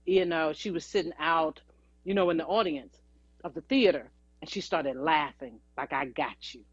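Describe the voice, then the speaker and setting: Speaking at normal speed in a low voice with a breathy edge, this woman, a singer and actress, shares chatty anecdotes as an interview guest. There's no echo, and the audio is dry, dull and lo-fi.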